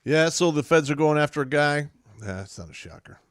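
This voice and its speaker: Blunt middle-aged co-host, dry mic. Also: male voice, a little high, animated, a little fast, no room sound. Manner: blunt, opinionated, repeats words. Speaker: podcast co-host. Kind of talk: casual livestream chat.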